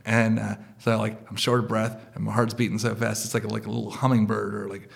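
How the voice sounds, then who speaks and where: A man's voice: fairly low pitch, level tone, quick pace, gravelly. A man telling a self-deprecating personal story on stage, hesitant with "um" and "like". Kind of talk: live storytelling.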